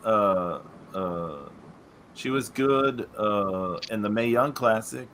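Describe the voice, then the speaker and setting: A man co-hosting a wrestling podcast, making quiet, trailing remarks. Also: fairly low pitch, lively intonation, takes it slowly, a little hiss or hum. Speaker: podcast co-host. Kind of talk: casual wrestling chat.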